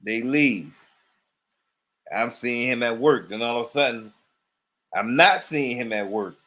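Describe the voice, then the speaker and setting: A man's voice: mid-range voice, measured pace, fairly bright tone. A man telling a long story in casual chat, acting out quoted dialogue and laughing often. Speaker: podcast co-host.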